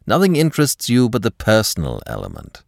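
Secretive husband in a storybook reading, deep and grave, dry close sound, as the narrator plays him. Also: male voice, wildly swooping pitch, gravelly, dry recording, heavily acted. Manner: grave, low, deliberate. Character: husband, smooth-talking, secretive, quick to anger. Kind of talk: audiobook character reading.

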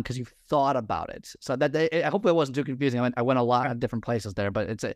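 A man's voice: mid-range voice, quick pace, hardly any pauses, no room sound, studio quality. A man, a fitness mentor, giving advice in a podcast talk, rambling with many restarts. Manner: rambling, repeats himself, restarts sentences. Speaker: guest, fitness and lifestyle mentor. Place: room full of personal stuff.

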